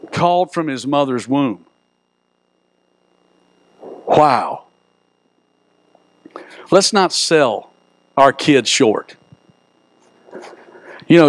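A man's voice: mid-range voice, no echo. A middle-aged man preaching a sermon in a church, folksy and joking as he tells stories. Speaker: pastor. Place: church sanctuary.

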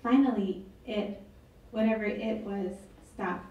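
A woman's voice: medium pitch, slow, distant mic, dull audio. A woman author reading her book aloud at an event, with wry, chatty asides. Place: event hall. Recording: echoey hall, mic from afar.

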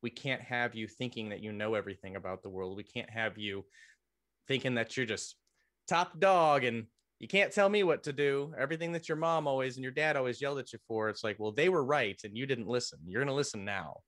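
Guy on a podcast rambling thru a story, keeps restarting, jokes at himself, mid pitch. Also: brisk, a bit bright. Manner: rambling, with frequent restarts and self-corrections. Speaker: podcast guest, military veteran. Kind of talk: casual storytelling in a podcast interview.

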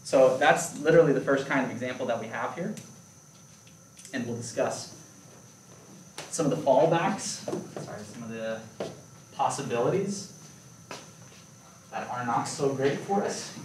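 A man gives a calculus lecture, mixing playful comparisons with quick checks on his students. His voice rings around a roomy hall and sounds distant from the microphone. A faint hum of room noise sits underneath. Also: medium pitch. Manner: animated, playful explanations with rhetorical questions. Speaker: math lecturer. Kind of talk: classroom lecture.

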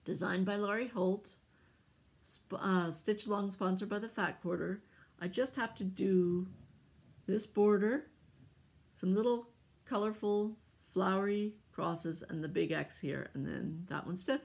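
A middle-aged American woman chatting casually to camera about her stitching, husky and congested from allergies, laughing often between asides. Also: mid-range voice. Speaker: cross-stitch vlogger. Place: at home, indoors.

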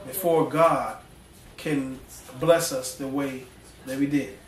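A male pastor preaching a folksy, animated sermon full of slang, drawing responses from the congregation. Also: mid-range voice, takes it slowly. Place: church sanctuary. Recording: echoey church room, mic at a distance.

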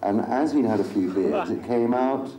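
A man's voice: fairly low pitch, moderate pace. A middle-aged man joking wryly as a convention panel guest before an audience. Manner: wry, dry self-mocking humor. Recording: echoey hall with crowd noise.

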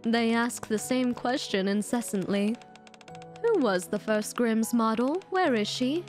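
A woman's voice: fairly high pitch, measured pace, a little mellow, soft background music, natural voice. A woman voicing a solemn young woman who speaks at a memorial in a wistful, earnest way.

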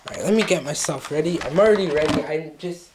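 Low-voiced woman scolding with mock threats. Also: rapid-fire, background noise. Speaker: vlogger. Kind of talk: casual home video vlog.

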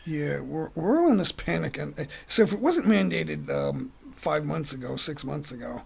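A man's voice: fairly high pitch, lively intonation, moderate pace, creaky. A man hosting a casual livestream chat, giving blunt, grumbling opinions. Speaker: livestream host.

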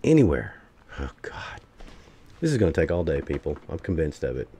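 A man's voice: rumbling low, big pitch swings, fast talker, dark tone, slight background noise. A man giving casual gameplay commentary, swearing freely and grumbling to his viewers as he plays. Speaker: gameplay streamer.

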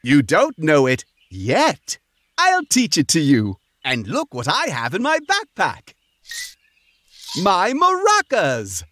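A woman's voice: low voice, huge pitch swings, a bit bright, slight background noise, full character voice. A woman playing a cheerful frog song leader. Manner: cheerful, slow, teacherly. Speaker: sing-along host.

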